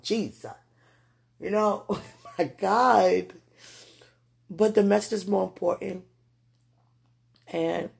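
A person who has just woken up, talking aloud to God in a spontaneous spiritual message. They ramble and swing from excited bursts to quiet murmurs. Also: medium pitch, vocal fry, slightly rough. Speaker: spiritual vlogger.

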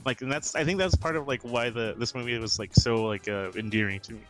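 A man's voice: mid-range voice, fast, a bit bright, faint music behind, low-quality recording. A man co-hosting a casual movie review podcast, rambling with constant filler words and laughing often. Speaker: podcast co-host.

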